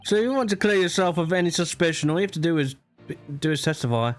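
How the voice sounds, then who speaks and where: A man's voice: a little high, lively intonation, quick pace, soft background music, lightly acted. A man voicing an earnest young male defense lawyer in a plain reading of game dialogue.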